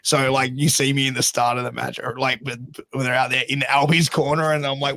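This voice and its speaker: A man's voice: medium pitch, a little fast, gravelly, dry recording. A man hosting a podcast, telling long rambling stories with lots of swearing. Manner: profane, rambling, animated storyteller. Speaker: podcast host. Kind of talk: casual storytelling chat.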